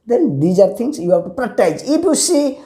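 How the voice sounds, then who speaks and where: A man's voice: extremely high pitch, sing-song, mellow. A man teaching English vowel sounds, drilling each word over and over and slipping in Hindi words. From India. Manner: repeats each word many times, slow and drilling. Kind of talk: classroom phonics lesson. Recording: echoey room.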